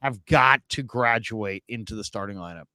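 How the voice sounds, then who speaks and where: Bright, crisp-voiced male sports host. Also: lowish voice, moderate pace, no echo. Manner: joking, rambling, playful teasing. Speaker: call-in show host. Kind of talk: casual sports talk.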